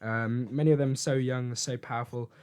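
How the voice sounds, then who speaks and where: A man hosting a casual podcast chat, rambling and animated, laughing often as he talks. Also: medium pitch, moderate pace, clean tone. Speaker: podcast host.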